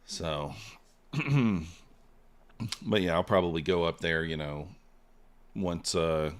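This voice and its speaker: A man's voice: low voice, fairly even intonation, slow pace, clean tone. A man chatting casually on a live trading stream, rambling with lots of fillers and trailing off.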